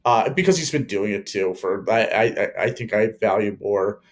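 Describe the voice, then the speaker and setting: A young man co-hosting a casual sports chat, measured and opinionated with many fillers. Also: on the low side, lively intonation. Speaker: podcast co-host.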